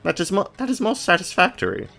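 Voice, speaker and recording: A man's voice: high-pitched, wildly swooping pitch, fast, vocal fry, pushed and bright, faint music behind, pitched above the performer's own voice, exaggerated voice. Man doing a prim old auntie, raised voice, formal and stiff. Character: stern older woman, a formal head of the family.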